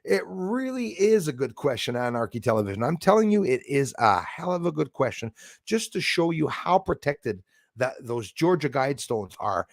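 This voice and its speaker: Rambling, gravelly Canadian man. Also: fairly high pitch, sing-song, moderate pace, no echo, clean studio sound. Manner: rambling, heated and blunt, with frequent restarts. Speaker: livestream host reading chat. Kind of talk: casual livestream talk.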